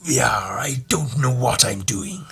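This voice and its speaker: A man's voice: mid-range voice, lively intonation, slow pace, vocal fry, a bit bright, slightly rough, exaggerated voice. A man putting on a bumbling old male sea captain in a clumsy impression. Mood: blundering.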